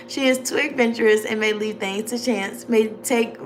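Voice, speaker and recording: A woman's voice: on the high side, moderate pace, few pauses, slight background noise. A young woman with a Southern US accent, chatting casually as she reads a text aloud, giggling often and tripping over her words. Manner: giggly, stumbles over words while reading. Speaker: vlogger. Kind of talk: casual chat, reading aloud.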